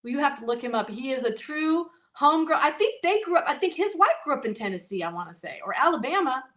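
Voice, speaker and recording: Animated woman chatting casually. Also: high voice. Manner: animated, talks in quick restarts and asides. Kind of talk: casual chat.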